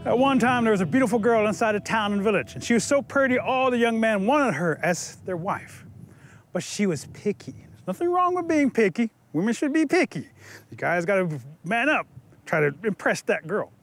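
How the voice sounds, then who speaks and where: A man telling a folk story at a museum, in a lively, animated way and speaking directly to his listeners. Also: high-pitched, normal speed, slight background noise.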